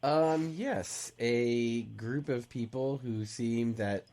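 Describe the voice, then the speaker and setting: A man on a panel chat, hesitant and filling pauses with ums. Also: mid-range voice, darkish tone. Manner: hesitant, filler-heavy.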